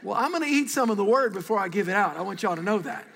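A middle-aged man, a pastor, preaching an animated, conversational sermon and calling for responses from a large congregation. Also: high-pitched, rapid-fire, vocal fry, big-room sound, slight background noise. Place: large church auditorium.

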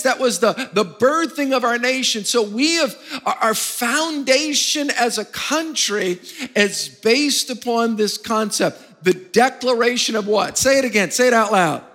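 A man's voice: very high-pitched, animated, normal speed, bright, forceful tone, in a large hall. A male pastor preaching a sermon, emphatic, prompting his congregation to answer back. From United States. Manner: emphatic, call-and-response with the congregation.

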